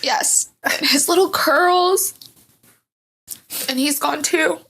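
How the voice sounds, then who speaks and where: Candid woman with a gravelly, bright voice. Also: high voice, slow pace. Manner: candid, emotional, rambling with fillers. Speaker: podcast guest. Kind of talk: personal storytelling in a podcast interview.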